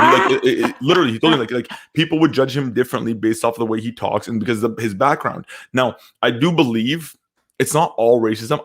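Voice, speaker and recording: A young man co-hosting a podcast, telling personal stories in a candid, rambling way. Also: medium pitch. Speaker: podcast co-host. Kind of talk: casual podcast chat.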